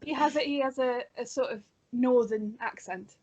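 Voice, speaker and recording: A woman's voice: fairly high pitch, moderate pace, a little mellow, slightly rough. A woman with a northern English accent, a podcast guest and author, chatting casually and laughing often. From England (Staffordshire). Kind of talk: casual chat.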